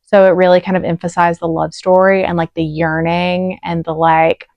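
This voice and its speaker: A woman's voice: fairly low pitch, moderate pace, few pauses, dry recording, lo-fi sound. A woman hosting a reaction video, talking casually and emotionally with lots of "like" fillers, close to the mic. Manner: chatty, gushing, many "like" fillers. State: emotional, choked up.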